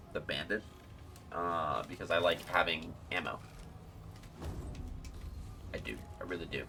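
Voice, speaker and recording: Low bright-voiced man playing a game. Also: slight background noise. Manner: reads item text aloud, chatty asides. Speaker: gaming streamer. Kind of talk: casual gameplay commentary.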